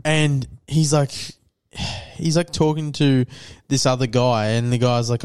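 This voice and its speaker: A man co-hosts a crude, casual podcast. He rambles through stories, acts out the other people in them, and swears freely, at a middling pitch. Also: normal speed, a little mellow. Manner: rambling storytelling, swears a lot. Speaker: podcast co-host.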